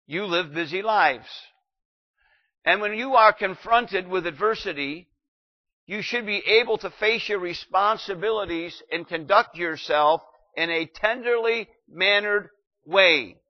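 A man's voice: high-pitched, measured pace, highs cut off. A male pastor preaching an earnest sermon and putting questions straight to his congregation.

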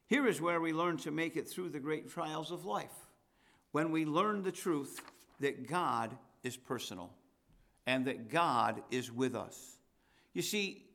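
Male preacher, slightly high voice, deliberate sermon delivery with scripture reading. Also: animated, fairly bright tone. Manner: reads scripture aloud, rising in pitch and force at climaxes.

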